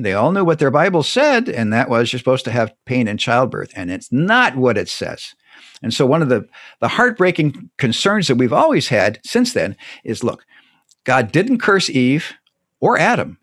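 Brief: man, expressive pitch, emphatic storyteller, dry close sound. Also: dry recording. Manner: lively, emphatic, with frequent restarts. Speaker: guest speaker on theology. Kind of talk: animated conversational storytelling.

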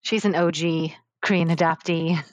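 A woman's voice: sits low, steady tone, normal speed, no echo. A young adult woman guest talking casually in an interview, rambling with many fillers and restarts. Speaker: podcast guest.

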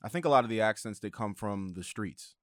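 A man hosts a podcast in loose, casual conversation. His voice sits on the low side and sounds dry and close to the mic. He trips over his words, restarting sentences and filling gaps with fillers. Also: expressive, a little fast, no echo. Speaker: podcast host. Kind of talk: casual chat.

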